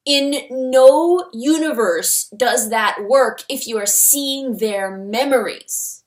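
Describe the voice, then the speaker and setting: Brief: woman, slightly high voice, sarcastic and self-deprecating, commenting on her own writing. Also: fairly bright tone. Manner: wry, self-mocking, sarcastic. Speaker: fanfiction author reviewing her own story. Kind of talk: comedic commentary and reading aloud.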